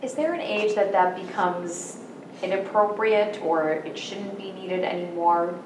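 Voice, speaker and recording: A woman's voice: fairly low pitch, measured pace, background noise. A woman in the audience, a parent, asking a hesitant question. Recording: echoey room, far mic.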